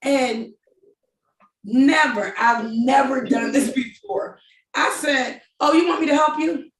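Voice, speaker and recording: A middle-aged woman chats through a personal story, quick to laugh and to act out each line of dialogue. Her voice sits somewhat high, and she sounds a bit distant from the mic in an echoey room with a faint hiss underneath. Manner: animated, laughing, quoting others in voices. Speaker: guest telling her relationship story. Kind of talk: casual storytelling.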